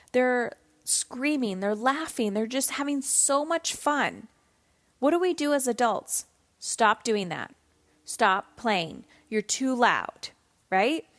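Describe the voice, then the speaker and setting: Woman host, thirties, solo motivational podcast, blunt and profane, acts out quotes, slightly high voice. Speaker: podcast host and coach for mothers.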